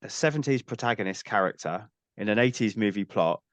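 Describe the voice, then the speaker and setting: A man discussing a film casually as a podcast host, measured and thoughtful in his phrasing. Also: lowish voice, expressive, no echo.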